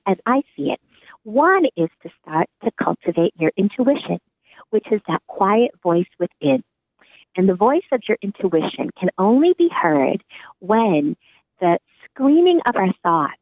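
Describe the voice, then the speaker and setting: A middle-aged woman speaks earnestly about her own path, her pitch rising and falling with lively animation. The sound is dry and narrow, like a phone line. She talks as a psychiatrist and author in an interview. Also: no echo. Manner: earnest, animated, acts out remembered dialogue. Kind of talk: reflective interview answers.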